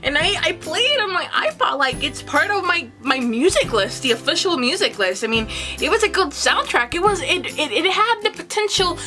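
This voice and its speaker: A woman giving a casual video book review, animated and expressive and swearing freely. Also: extremely high pitch, normal speed, soft background music.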